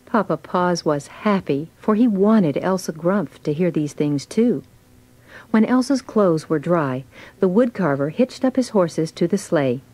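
A woman giving gentle, clear scripted narration of a storybook read-along. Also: lowish voice, expressive, a little slow, rough recording.

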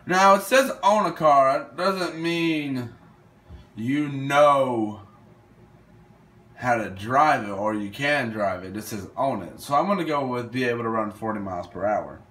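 A man's voice: medium pitch, animated, measured pace, a bit bright. A young man talks unhurriedly through a would-you-rather game, thinking aloud as he goes. He hesitates, trails off and restarts when a choice is hard, keeping a casual, unscripted tone. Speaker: gaming video host. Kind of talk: casual commentary while playing a quiz game.

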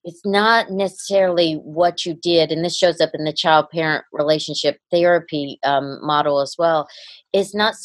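A woman host with a very low voice chats casually and affirmingly, often answering her guest with soft murmurs. Her sound is dry and close, with no room around it. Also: steady tone, moderate pace, no echo. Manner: warm, affirming, many soft backchannels. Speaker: podcast host. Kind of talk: casual chat.

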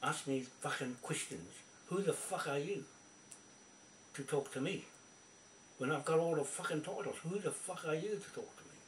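A man with a slightly high voice, speaking at a moderate pace, rants angrily into the camera from his computer indoors, swearing constantly and calling people out by name. The video sounds roomy and distant from the mic, with faint background noise.

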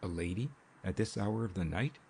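A man voicing a small, kindly, fussy investigator who asks precise, gentle questions. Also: low-pitched, moderate pace, creaky, slight background noise. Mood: questioning.

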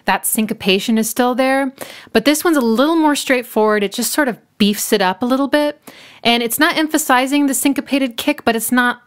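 This music analyst speaks in a smooth, fairly high voice at a fairly quick clip. She's enthusiastic and casual as she unpacks a song, tossing in wordplay and brief sung bits.

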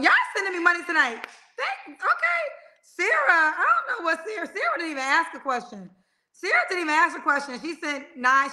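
Bright, high-voiced woman hosting a livestream. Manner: loud, blunt and animated storytelling. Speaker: livestream host. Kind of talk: casual live-stream chat.

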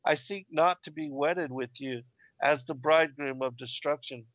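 A gentle, reassuring young nobleman, read out by a man in a fairly high voice. The sound is dull and dry. The delivery stays plain and measured. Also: dry recording, natural voice.

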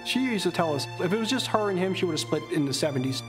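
A man from Maryland telling animated family anecdotes in a documentary interview, often mimicking his father's lines. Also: sits high, fast talker, over music. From Maryland, USA. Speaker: interviewee, son of the subject.

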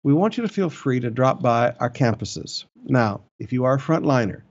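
An older male pastor speaks at a middle pitch with earnest conviction, driving each point home by saying it again. His voice comes through a slightly dull, muffled church livestream recording. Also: lively intonation, normal speed. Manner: earnest, repeats points for emphasis. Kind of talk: sermon and church announcements. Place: church in the Philippines.

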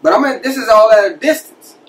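A man casually telling a personal story from his past as a podcast host, conversational and animated, acting out the people he quotes. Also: very high-pitched, fairly quick, distant mic, poor audio.

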